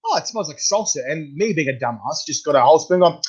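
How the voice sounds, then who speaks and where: A young Australian host talks excitably and laughs readily, racing through his stories. His voice sits a little higher than most men's. The audio is dull and lo-fi. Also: slightly rough. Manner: excitable, laughing, quick storyteller. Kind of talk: casual chat.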